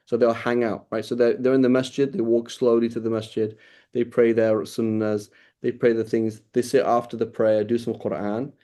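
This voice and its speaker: A man's voice: mid-range voice, flat delivery, normal speed, dark tone. A man giving an informal religious lesson, talking conversationally, repeating phrases and keeping the class with him by asking "right?" again and again. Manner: repeats phrases to drive points home. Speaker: religious teacher.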